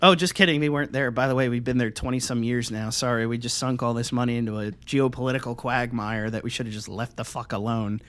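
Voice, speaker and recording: A man co-hosting a casual podcast, ranting loudly and swearing often as he talks. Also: mid-range voice, fast, hardly any pauses, clear, resonant tone. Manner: ranting, profane, animated. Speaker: podcast co-host.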